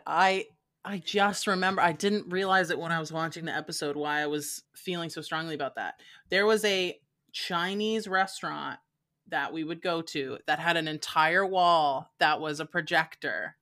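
A woman's voice: fairly low pitch, a bit bright. A woman chatting casually on a podcast, sarcastic, laughing often and swearing lightly. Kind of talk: casual chat.

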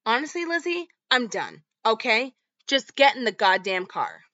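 A woman's voice: a little high, big pitch swings, moderate pace, sharp tone, no echo, lo-fi sound, full character voice. A woman voicing a short-tempered alcoholic mother, snapping and swearing as she reads the lines out. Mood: angry, fed up. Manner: read-out quotes, snapping and swearing.

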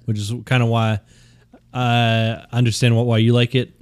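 A man's voice: mid-range voice, flat delivery, moderate pace, darkish tone, smooth, dry recording. A young man co-hosting a gaming podcast, rambling and stumbling over his words with casual swearing. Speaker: podcast co-host.

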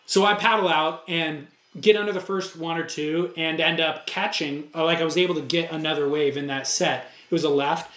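A man's voice: on the high side, normal speed. A man co-hosting a podcast, telling a story casually and acting out the quotes with energy. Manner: animated storyteller, acts out quotes. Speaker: podcast co-host. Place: surf museum. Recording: roomy echo.

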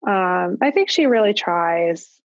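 Low gravelly-voiced woman, reflective. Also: expressive, no room sound, dull audio. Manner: reflective, halting with restarts and likes. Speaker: guest parent. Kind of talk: casual podcast conversation.

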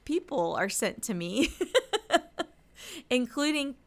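A middle-aged woman co-hosting a spiritual podcast as a medium, telling a personal story in animated fashion and acting out the voices of the people in it. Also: high-pitched, takes it slowly. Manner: animated storyteller, acts out quotes. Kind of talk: casual spiritual podcast chat.

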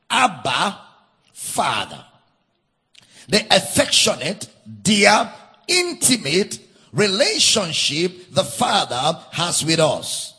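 Emphatic preaching man with a bright, husky voice. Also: sits high. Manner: emphatic preaching, repeats key phrases, spells out words for note-takers. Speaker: pastor. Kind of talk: sermon. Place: church camp meeting.

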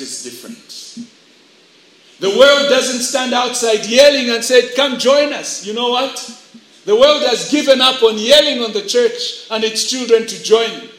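A man's voice: very high voice, fairly bright tone. A man preaching a sermon to young people, acting out voices as he tells stories. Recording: echoey room.

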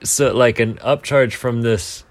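A man's voice: mid-range voice, fairly even intonation, measured pace, no room sound. A young man telling a casual, self-mocking story, rambling along with filler words and restarts. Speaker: speaker telling a timed anecdote.

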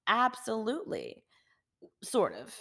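A woman hosting a podcast in a casual, direct advice monologue. She is emphatic and sassy and drives points home by repeating them. Her voice sits a little above average pitch. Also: wildly swooping pitch, slow, vocal fry, pushed and bright, breathy edge. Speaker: podcast host.

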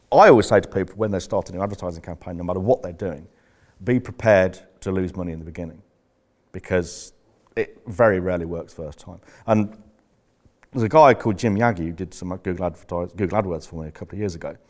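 An older man chatting as a podcast host, telling rambling, jokey stories with plenty of swearing. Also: fairly low pitch. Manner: rambling, profane, jokey storyteller. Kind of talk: casual chat.

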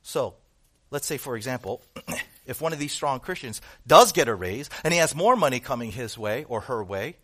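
A man's voice: mid-range voice, animated, normal speed, a bit bright. A male pastor preaching a sermon to his congregation, with rhetorical questions and rising emphasis. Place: church room with a congregation.

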